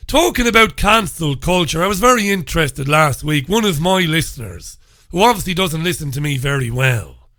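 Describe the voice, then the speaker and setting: Middle-aged Irish male radio host, sarcastic solo rant, bright forceful tone, dry close studio sound. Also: on the high side, lively intonation, moderate pace, no echo. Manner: sarcastic, ranting, mock questions. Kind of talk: solo talk radio commentary.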